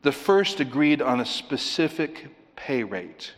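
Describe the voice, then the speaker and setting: A male preacher walks his listeners through a Bible passage verse by verse in an ordinary mid-range voice. He stays animated, acting out the characters with quick asides and chuckles. His voice rings with long reverb from a church hall. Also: medium pitch. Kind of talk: expository Bible teaching.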